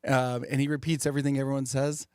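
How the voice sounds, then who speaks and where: A man's voice: medium pitch, little pitch movement, fast talker, clear, resonant tone, dry recording, clean studio sound. A man who is a comedian, guesting on a radio show and telling a loose story with many restarts. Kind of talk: casual radio interview.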